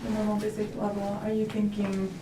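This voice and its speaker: A woman's voice: mid-range voice, monotone, a little fast. A woman student asking short clarifying questions during a tutoring session. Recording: echoey room, voice from a distance, background noise.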